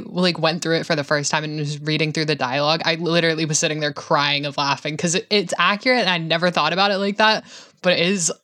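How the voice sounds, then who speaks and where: A woman's voice: low-pitched, fairly bright tone, dry recording, clean studio sound. A woman co-hosting a podcast in casual chat, laughing often and swearing as she rambles. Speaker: podcast co-host.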